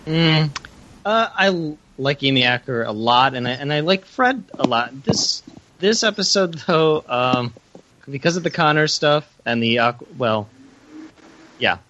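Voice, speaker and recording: Man, podcast guest, lively pitch, blunt, swears, dull muffled audio. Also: a little slow, slight background noise. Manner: blunt, animated, swears freely. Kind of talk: casual discussion.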